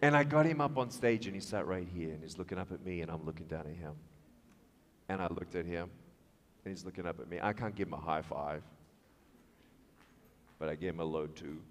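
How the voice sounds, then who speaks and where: A man giving a storytelling speech to students as a motivational speaker, animated and acting out the dialogue in different voices. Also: low-pitched, brisk, long pauses, a little hiss or hum. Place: large school hall with an audience. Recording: echoey hall reverb.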